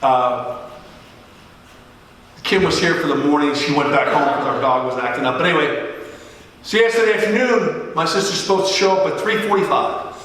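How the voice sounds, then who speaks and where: A middle-aged pastor tells stories in a sermon, putting on the voices of the people in them. His voice is high and bright. It carries through a large church hall, with long reverb, picked up from a distance. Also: normal speed, long pauses. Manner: joking, animated storyteller who acts out dialogue. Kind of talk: storytelling sermon.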